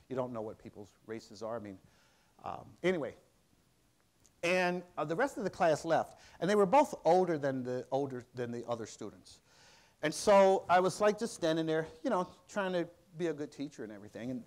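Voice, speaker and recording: A middle-aged man speaks to a lecture audience in a slightly high voice, his pitch swinging widely as he tells a story. He restarts his sentences often and slips into soft, quiet asides. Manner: conversational, halting with frequent restarts and fillers. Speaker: museum director giving a public lecture.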